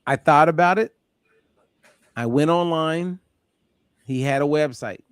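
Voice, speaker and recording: Animated storytelling man on a call. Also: a little high, a little slow, clean tone, no echo, clean studio sound. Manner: animated, acts out voices in anecdotes. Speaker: host. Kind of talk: casual storytelling on a group call. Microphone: call audio.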